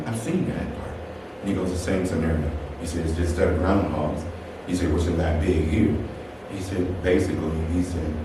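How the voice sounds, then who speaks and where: Man, storyteller, animated, acts out voices, distant mic, roomy echo, background noise. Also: low voice. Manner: animated, acts out the people in his story with laughs. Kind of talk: personal story told to an audience. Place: storytelling event room. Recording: echoey room, voice from far off, ambient noise.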